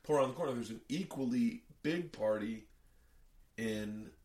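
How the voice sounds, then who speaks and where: A man's voice: mid-range voice, normal speed, darkish tone, distant mic. Profane storytelling man in a roomy space. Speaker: podcast host and comedian. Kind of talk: casual storytelling chat.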